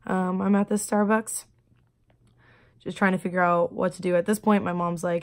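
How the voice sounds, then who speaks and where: Subdued woman with a low voice, halting. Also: flat delivery. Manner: halting, many fillers and restarts. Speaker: vlogger. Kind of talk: personal video diary.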